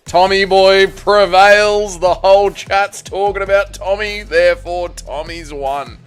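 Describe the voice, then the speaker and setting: Aussie bloke hosting a live stream, upbeat and chatty, voice sits a bit high, faint music under it. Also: male voice, fairly even intonation, a little slow, a bit bright. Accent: Australian. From Australia. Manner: upbeat, greets chat viewers by name, chatty and rambling. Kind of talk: casual live stream chat.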